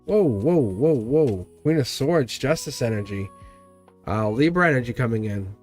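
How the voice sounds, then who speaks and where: A man's voice: mid-range voice, lively intonation, moderate pace, a little mellow, faint music behind. A man giving a casual live-stream tarot reading. He rambles, laughs often, and chats directly with his viewers. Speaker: tarot reader.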